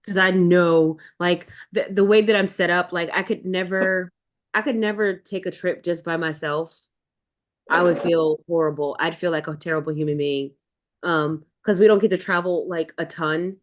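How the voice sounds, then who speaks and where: A woman's voice: on the low side, fairly even intonation, moderate pace. Chatty woman hosting a sewing livestream. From United States East Coast. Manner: chatty, rambling, with many fillers and restarts. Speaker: livestream host. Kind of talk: casual chat while sewing.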